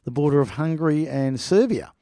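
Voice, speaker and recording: Fairly high-pitched yet dark in tone, this middle-aged man talks a little fast with lively intonation, recorded cleanly in a studio without room sound. Hosting his podcast, he tells rambling travel stories, reads an article aloud and keeps stressing the word "people."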